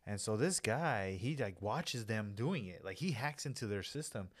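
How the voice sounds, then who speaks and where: A man's voice: on the low side, animated, moderate pace. A man from the United States co-hosting a casual podcast, telling loose, slangy stories full of fillers and restarts. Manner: rambling, loose slangy storytelling with many fillers. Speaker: podcast co-host. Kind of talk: casual chat.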